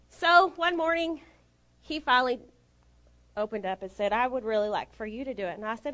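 A middle-aged woman giving a storytelling sermon, animated and self-deprecating, acting out the dialogue. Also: high-pitched, a little fast. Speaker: lay preacher.

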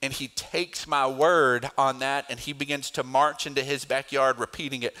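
A middle-aged pastor preaching a sermon, telling a family story and then building to emphatic exhortation. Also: male voice, medium pitch, moderate pace, few pauses, bright, forceful tone.

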